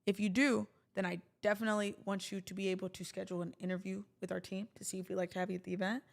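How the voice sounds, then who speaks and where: A woman's voice: medium pitch, flat delivery, rapid-fire, gravelly. A woman hosting a livestream, talking casually to her viewers in a chatty, rambling way with jokey asides. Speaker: livestream host.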